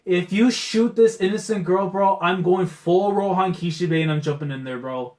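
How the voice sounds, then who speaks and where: A man hosting a live reaction to a comic chapter. He reads it aloud and talks in a casual, slangy way that swings from low muttering to loud outbursts. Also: normal speed. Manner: excitable, swings from muttering to shouting; casual slangy talk, keeps saying bro. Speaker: manga reaction channel host.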